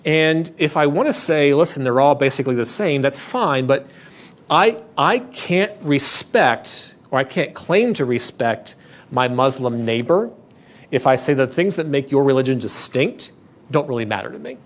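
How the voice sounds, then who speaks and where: A man's voice: medium pitch, expressive, normal speed. Earnest man preaching a sermon. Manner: earnest, emphatic preaching with frequent restarts. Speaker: pastor. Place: church.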